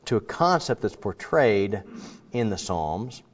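A man preaching a sermon in a conversational, animated way, with frequent fillers and restarts. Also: fairly low pitch, slow pace, slightly rough, muffled recording. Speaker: pastor.

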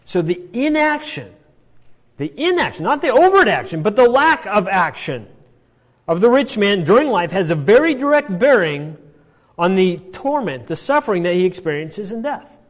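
A man's voice: high voice, very animated, moderate pace, long reverb tail. A man teaching a Bible passage, explaining step by step and checking in often with "all right" and "right?".

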